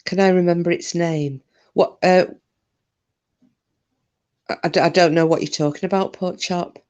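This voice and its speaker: A woman's voice: fairly low pitch, fairly even intonation, moderate pace, a little mellow. A British woman chats casually through a live stream, rambling from one thought to the next. She answers her viewers' comments one by one, calling them by name. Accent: British English.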